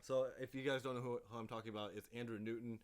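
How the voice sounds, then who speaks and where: A man with a smooth, clear voice chats casually on a live stream from his home office. He rambles, stops and restarts, and leans on fillers as he talks about his drone builds. He speaks into a desk microphone at an ordinary, mid-range pitch. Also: steady tone, very fast. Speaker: drone hobby channel host.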